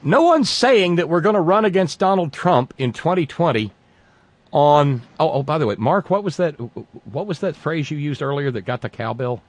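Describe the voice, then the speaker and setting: A man hosting a political talk show, speaking in a halting, sarcastic way with many restarts. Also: on the high side, expressive. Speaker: talk radio host.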